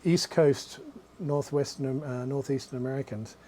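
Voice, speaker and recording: At a moderate pace, a man speaks in a steady, mellow, mid-range voice. He is an author talking live about his books before a small group in a bookshop, meandering through stories and often restarting or breaking off into asides.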